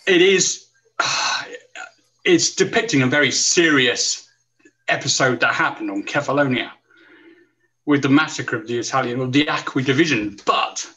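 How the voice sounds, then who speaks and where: A man's voice: mid-range voice, moderate pace, sharp tone, rough recording. A man guest on a casual video-call panel chat, talking candidly and swearing freely.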